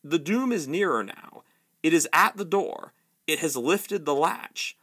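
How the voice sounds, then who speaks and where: A man voicing a majestic male lion, speaking quietly and solemnly while reading a novel aloud. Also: on the high side, animated, husky, full character voice. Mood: warning. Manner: quiet, solemn, measured delivery.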